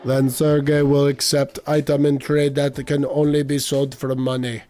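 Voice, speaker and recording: A man voicing a gruff, hulking male bouncer in a put-on Russian accent, speaking in terse, broken English. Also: medium pitch, flat delivery, moderate pace, warm tone, faint music behind, close to an everyday voice. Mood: stern.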